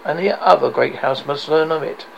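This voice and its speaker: A man's voice: fairly high pitch, normal speed, vocal fry, highs cut off, slight background noise. A man voicing a scheming, cruel old nobleman in a novel reading, silky and mocking.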